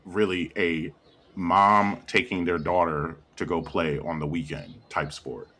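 A man in his thirties telling stories in a casual chat with friends, animated and quick to laugh and swear. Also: deep voice. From Haitian family. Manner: animated storytelling, laughs often, swears freely.

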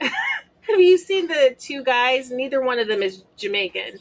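Chatty woman, slightly high voice. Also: big pitch swings, unhurried, a little hiss or hum. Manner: easygoing, fact-checking, chatty with fillers. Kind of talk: casual chat.

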